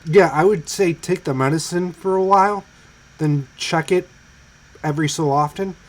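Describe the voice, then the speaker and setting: A man's voice: fairly high pitch, normal speed, rough recording. A man co-hosting a podcast, chatting casually and often restarting his sentences. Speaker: podcast co-host. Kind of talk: casual chat.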